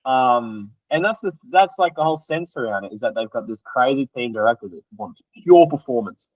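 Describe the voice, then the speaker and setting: A young Australian man, an athlete guest, telling race stories in an animated, slangy way and acting out what others said. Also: mid-range voice, fairly quick, no echo. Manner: animated, acts out quotes, loose and slangy. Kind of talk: casual storytelling interview. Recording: dry, slightly dull podcast audio.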